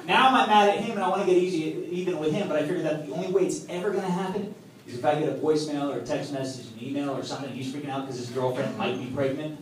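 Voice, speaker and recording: A man doing a stand-up comedy set on a club stage, telling stories in a punchy, exasperated way with sudden loud outbursts. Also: a little high, very fast, slight background noise. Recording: echoey club room from a distance. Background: audience laughter and club ambience.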